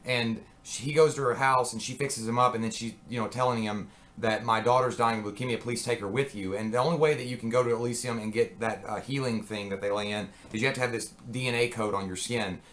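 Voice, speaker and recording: Male movie-review co-host, casual and profane, fast talker, mid pitch. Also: steady tone, fairly bright tone. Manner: rambling and profane, with frequent restarts.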